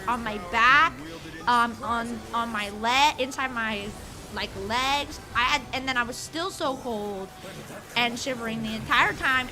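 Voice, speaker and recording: A woman's voice: sits high, rough recording. A young woman from the Upper East Coast of the United States chatting casually and animatedly while live streaming a game, swearing freely. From Upper East Coast of the USA.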